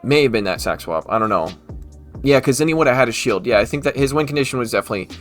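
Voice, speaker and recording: Male host, brisk casual game play-by-play, chatty asides, faint music underneath. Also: medium pitch, expressive. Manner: chatty, self-correcting, quick asides. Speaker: gaming channel host.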